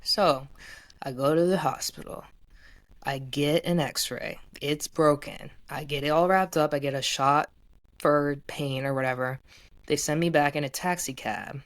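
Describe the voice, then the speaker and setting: A woman's voice: sits low, steady tone, unhurried. A young woman in her twenties casually retelling a personal story, full of "like" fillers. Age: 20s. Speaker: guest.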